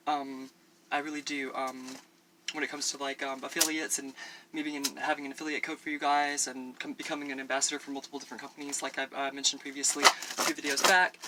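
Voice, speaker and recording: A man's voice: on the high side, sharp tone, slight background noise, poor audio. A man chatting casually to camera in a rambling vlog, full of ums and restarts, in a small room. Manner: rambling, many ums and restarts, playful sign-off. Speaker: vlogger. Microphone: camera mic, ring light setup.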